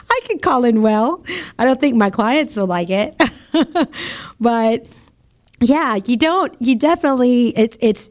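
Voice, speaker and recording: A woman's voice: on the high side, darkish tone. Upbeat, chatty woman hosting a radio show. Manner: upbeat, chatty, laughs often. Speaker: radio show host and salon owner. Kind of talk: motivational radio talk. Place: radio studio.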